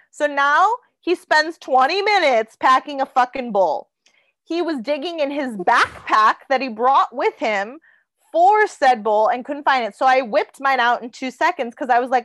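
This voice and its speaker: A woman with a high voice recounts a date in a blunt, profane way, switching between her own lines and the other person's as she acts out the dialogue. The sound is dry and close, with no room around it. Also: lively intonation, moderate pace, fairly bright tone, no room sound. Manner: frank and profane, acts out both sides of dialogue. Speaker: podcast host. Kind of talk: candid comedic storytelling.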